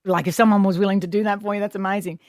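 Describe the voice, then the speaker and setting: A middle-aged woman, a guest comedian, telling an animated story in a radio chat. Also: medium pitch, rapid-fire, no echo, studio quality. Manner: animated anecdote telling with acted quotes.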